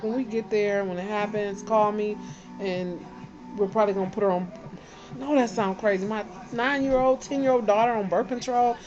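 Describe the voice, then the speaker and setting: Chatty woman vlogger, lo-fi audio. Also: medium pitch. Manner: chatty, shouts out viewers one by one. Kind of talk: casual chat to camera.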